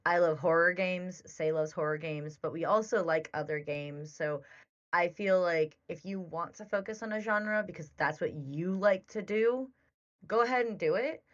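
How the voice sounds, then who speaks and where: A woman's voice: lowish voice, moderate pace, dull audio. A woman co-hosting a podcast, chatting casually and giving advice with lots of "like"s. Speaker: podcast co-host.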